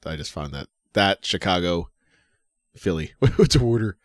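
A man's voice: low-pitched, expressive, normal speed, no echo, clean studio sound. A man co-hosting a casual wrestling podcast, loose and jokey, laughing often. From New York State. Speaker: podcast co-host.

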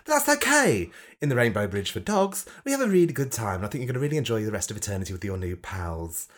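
A man's voice: on the low side, very animated, quick pace, fairly bright tone. A man putting on a camp, theatrical voice to play a chirpy guide welcoming dead pets to the afterlife, in a comedy podcast bit. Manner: theatrical, chirpy, swooping delivery.

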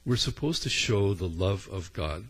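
A man preaching a sermon as a pastor, in an earnest, conversational way with frequent pauses and ums. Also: low voice, expressive, fairly bright tone, slightly rough.

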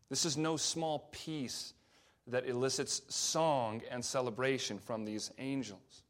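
A man, a pastor, preaching a sermon and explaining scripture with frequent fillers and restarts. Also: medium pitch. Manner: reads scripture aloud slowly.

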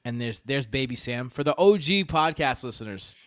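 A man hosting a casual sports podcast, ranting loudly and swearing, then dropping to a mutter. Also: mid-range voice, lively intonation, moderate pace, no room sound, studio quality. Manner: rants loudly, swears, jumps between shouting and muttering. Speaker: podcast host.

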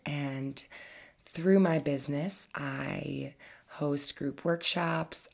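A woman's voice: low voice, darkish tone. A woman relationship coach hosting her own podcast, speaking in a chatty, informal way straight to her listeners. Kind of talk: solo podcast monologue. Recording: echoey room.

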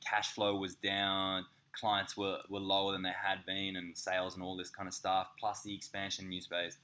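Sweary man with a very low voice. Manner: candid, sweary storytelling with lively impressions. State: slightly sick. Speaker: podcast co-host. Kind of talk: casual chat.

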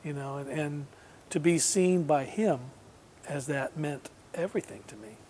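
A man, a guest musician, telling a long anecdote in relaxed, rambling conversation, laughing now and then. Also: a little high, measured pace, a little hiss or hum. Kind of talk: casual storytelling.

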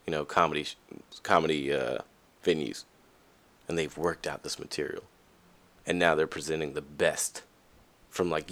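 A man hosting a podcast, talking candidly and casually to listeners, with frequent fillers and restarts, and his voice jumps up high when he stresses a point. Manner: lively, pitch jumps high for emphasis. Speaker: podcast host. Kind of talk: casual motivational monologue.

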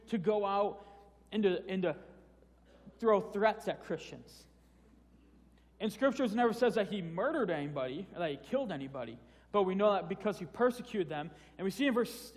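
Man, preacher, high-pitched, conversational sermon, repeats and restarts words, echoing church hall. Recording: long hall reverb.

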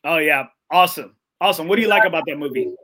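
Animated, bright-voiced man telling stories. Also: a little high, racing. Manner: animated, acts out quotes with many fillers and "right?". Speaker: podcast host. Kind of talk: casual storytelling chat.

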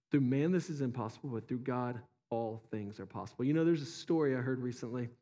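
A man with a fairly high voice preaches a sermon, earnest and pressing his listeners with direct questions. His words ring out with a long reverb through a large church hall. Soft music plays faintly underneath. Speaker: pastor.

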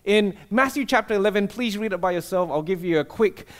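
This is a man preaching a conversational sermon, sharing stories and putting questions to the audience. He's a pastor with a high voice who speaks briskly.

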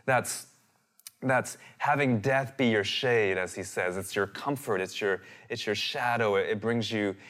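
A man's voice: on the low side, measured pace. A man in his thirties preaching a sermon as a pastor, earnest and given to repeating his phrases. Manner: earnest, repeats phrases, animated when quoting.

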